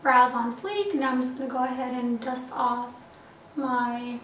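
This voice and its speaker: A woman's voice: high voice, a little slow. A young woman narrating a makeup tutorial in a chatty, upbeat, gushing way, recorded in a small apartment. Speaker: makeup vlogger. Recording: echoey room, distant mic, faint hiss.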